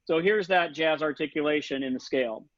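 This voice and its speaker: Man, saxophone teacher, higher voice, casual, scat-sings examples, dull video-call sound. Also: brisk, a bit bright, dry recording. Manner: casual, sings rhythms and articulations with scat syllables. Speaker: saxophone instructor. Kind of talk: online music lesson. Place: home setup for a virtual session.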